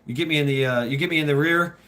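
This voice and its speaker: A man's voice: fairly high pitch, rapid-fire, fairly bright tone. A man hosting a casual live stream, chatting with viewers in a rambling, profane way, laughing often and restarting his sentences. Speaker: streamer host.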